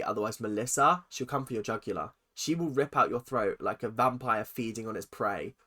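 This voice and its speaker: Brief: twenties reactor, sarcastic, animated, swears a lot, mid-pitched voice. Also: brisk, few pauses. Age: 20s. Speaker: reaction video host. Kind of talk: ranting reaction commentary.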